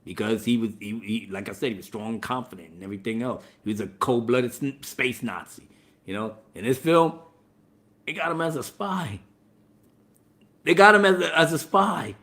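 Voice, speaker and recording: A man giving a casual, profane spoiler movie review, talking in an animated way and laughing often. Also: medium pitch, moderate pace.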